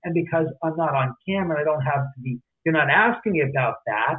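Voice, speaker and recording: A man with a husky, somewhat high voice tells a story in a podcast interview, acting out everyone's lines with restarts and asides. He comes through a tinny, phone-like line. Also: fast. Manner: acts out quoted dialogue, many restarts and asides. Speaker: guest, homeowner and author.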